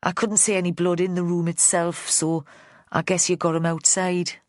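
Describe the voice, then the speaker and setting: Female reader as a blunt middle-aged woman detective, low, dry, homely and plain-spoken. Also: level tone, moderate pace, dry recording, natural voice. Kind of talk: audiobook character voice.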